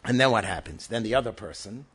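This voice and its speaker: A man's voice: lowish voice, expressive, fast talker, a bit bright, breathy edge. A man, a rabbi, giving an emphatic Torah lecture, asking rhetorical questions and weaving in Hebrew and Yiddish terms.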